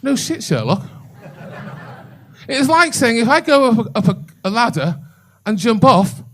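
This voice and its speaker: A man's voice: very high-pitched, big pitch swings, a little slow, a little hiss or hum. An older man doing a bawdy stand-up comedy set in a comedy club, telling a story and chatting with the crowd.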